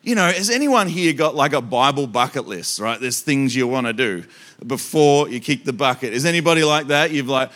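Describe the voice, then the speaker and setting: Preaching a sermon in an Australian accent, this man tells comic stories in an animated, joking way, addressing the crowd directly. His voice sits at medium pitch and moves briskly.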